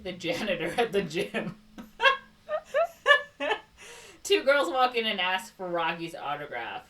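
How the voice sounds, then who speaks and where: A woman with a Chicago accent reads a movie plot summary on a casual podcast. Her voice sits low but swings widely in pitch, and she cuts in with sarcastic remarks. She sounds a bit distant from the microphone. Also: a bit bright. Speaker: podcast co-host.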